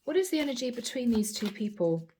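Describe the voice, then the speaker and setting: A woman with a fairly high, mellow voice gives a channeled tarot reading. She talks in a calm, reassuring way and speaks straight to the listener. She repeats key phrases to let them sink in. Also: fast, slight background noise. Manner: addresses the listener directly by sign. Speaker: tarot reader.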